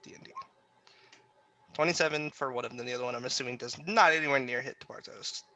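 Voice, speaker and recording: A man's voice: medium pitch, fast, pushed and bright. A man playing in a tabletop game, talking in a playful way and laughing. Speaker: player.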